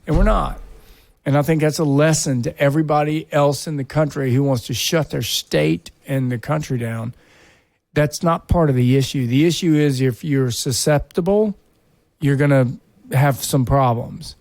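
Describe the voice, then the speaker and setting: A man's voice: a little high, normal speed, creaky, a little mellow, dry recording. A man hosting a podcast, rambling and wry in casual banter. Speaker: podcast host.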